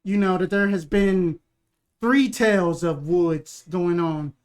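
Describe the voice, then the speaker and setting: A game master narrates the scene in a loose, rambling stream, full of fillers and restarts. The voice sits at a middling pitch. The delivery stays easygoing and jokey with the players at the table. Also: takes it slowly.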